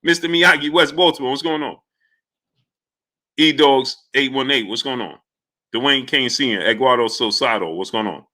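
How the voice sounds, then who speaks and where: A livestream host greets viewers by name and rants heatedly, animated as he shouts out names from chat. His voice sits at medium pitch and he speaks at normal speed.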